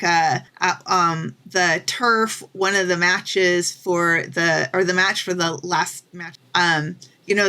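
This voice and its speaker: Woman, young, podcast co-host, chatty, bright clear tone. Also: on the low side. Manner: chatty, many fillers, animated when quoting people. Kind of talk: casual chat.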